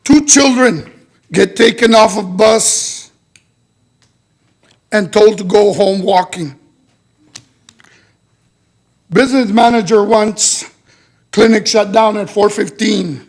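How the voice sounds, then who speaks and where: A man's voice: high voice, slow, pauses often. A man speaking in public comment at a school board meeting, listing complaints in short clipped statements.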